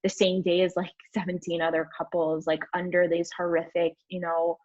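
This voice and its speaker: A young woman guest telling a candid story in an interview, rambling and animated, filling her speech with "like". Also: fairly low pitch, moderate pace. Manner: rambling, animated, heavy use of "like". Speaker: podcast guest. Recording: dull lo-fi audio.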